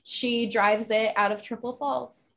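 Young woman, podcast co-host, fairly high voice, animated retelling, casual swearing. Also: a little slow, gravelly. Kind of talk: casual book recap chat.

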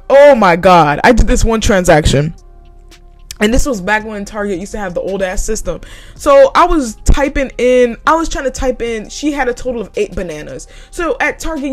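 A woman's voice: on the high side, big pitch swings, brisk, soft background music. Blunt, profane young woman telling a story. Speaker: vlogger telling a work story. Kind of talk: casual storytime monologue.

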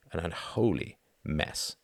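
A man's voice: on the high side, gravelly, no echo, pitched above the performer's own voice, exaggerated voice. A man reading the part of a weary, cynical older aristocratic diplomat with a sardonic drawl.

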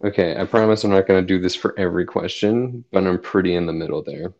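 Very deep-voiced joking podcast co-host. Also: quick pace, darkish tone, highs cut off. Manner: joking, self-deprecating, laughs often. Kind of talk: casual podcast banter.

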